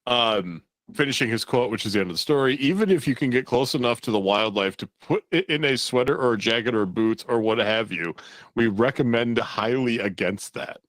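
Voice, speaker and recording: A man's voice: medium pitch, brisk, a bit bright, no echo. A man hosting a casual talk show, reading odd news stories aloud, loose and profane and laughing at the material. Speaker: podcast host.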